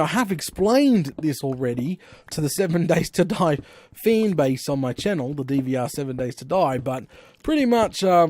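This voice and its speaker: A man chats loosely on his gaming live stream, wandering between points with plenty of ums and quick self-corrections. His voice sits a touch high for a man. The sound is dry and close, with no room around it. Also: a little mellow, no echo. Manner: rambling, filler-heavy, restarts and self-corrections. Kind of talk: casual live-stream chat.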